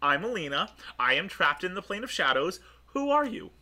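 A man's voice: sits high, very animated, normal speed, pushed and bright, pitched above the performer's own voice, heavily acted. A man voicing a kind, gracious woman trapped in a shadow realm who stammers when overcome. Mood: welcoming.

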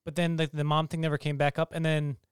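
Guy cohosting a movie podcast, kinda high smooth voice, swears a lot, acts out scenes, dry close mic. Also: fast talker, no room sound. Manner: animated, swearing, quoting people in voices. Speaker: podcast co-host. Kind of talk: casual chat, film review.

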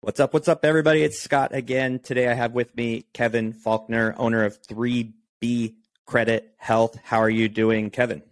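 Upbeat male podcast host, mid pitch, dry close mic. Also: little pitch movement, a little slow, no room sound. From Oregon. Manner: upbeat, eager, laughs easily. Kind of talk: casual interview chat.

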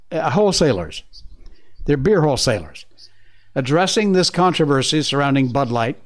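A middle-aged male host delivers opinionated news commentary into a studio mic, with a slightly high-set voice. He sounds emphatic and sarcastic, and he often laughs at the stories he covers. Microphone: studio mic with earpieces.

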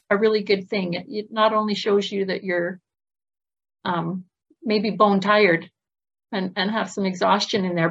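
A woman's voice: mid-range voice, vocal fry, dull audio. A woman interviewer responding in casual chat, affirming, with fillers and light laughs.

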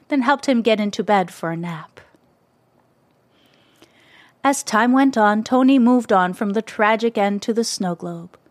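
A woman narrating a children's story in a gentle, expressive way, close to the mic. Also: medium pitch, no room sound.

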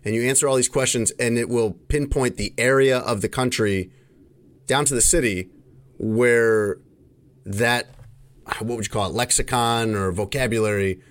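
A man from Chicago chats on a podcast in an everyday, mid-range voice. He wanders through long stories and often stops to correct himself. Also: mid-range voice. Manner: rambling, self-correcting storyteller. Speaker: podcast host. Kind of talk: casual chat.

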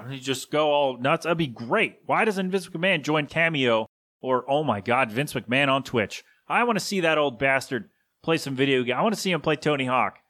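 A man hosting a solo podcast, talking casually and with strong opinions, often correcting himself and sometimes slipping into a gruff put-on voice for quick impressions. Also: medium pitch, lively intonation, fairly bright tone. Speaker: podcast host. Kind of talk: solo rambling podcast talk.

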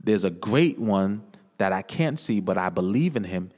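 A man tells his life story as a podcast guest, earnest and conversational, circling back on his own words. His voice sits fairly low. The room rings with a long, echoing reverb. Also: expressive, normal speed, darkish tone. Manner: earnest storytelling with many repeated phrases. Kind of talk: personal testimony in casual conversation.

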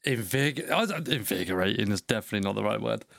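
A man co-hosting a podcast in relaxed, sweary casual chat, laughing often. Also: lowish voice, fast, gravelly, no room sound, studio quality. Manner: laid-back, swears freely, laughs often. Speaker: podcast co-host.

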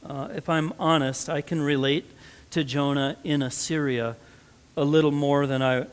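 A man's voice: fairly high pitch, steady tone, moderate pace, clear, resonant tone. A man with a Midwestern American accent preaching a sermon, conversational and then rising to emphatic stresses. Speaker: pastor. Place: church sanctuary. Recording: long church reverb.

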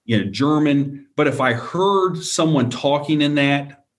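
A man's voice: on the high side, lively intonation, unhurried. A man telling a personal story as a guest, earnest and repetitive, often checking in with the listener.

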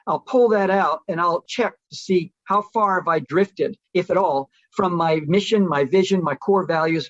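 A man's voice: a little high, no room sound, dull audio. A middle-aged man speaking as a guest, telling reflective stories in an earnest, casual way with some restarts. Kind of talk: relaxed storytelling conversation.

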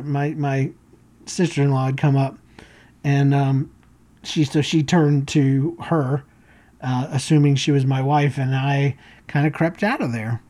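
A man's voice: mid-range voice, unhurried, pauses often, darkish tone. A man in his forties hosting a podcast, telling a story in a rambling, self-mocking way. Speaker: podcast host. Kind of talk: casual storytelling.

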